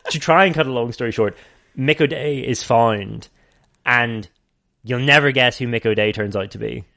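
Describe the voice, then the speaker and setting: A man's voice: medium pitch, normal speed, gravelly, bright, forceful tone. A man hosting a podcast, retelling a film's plot in rambling, sweary casual chat and laughing often. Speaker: podcast host.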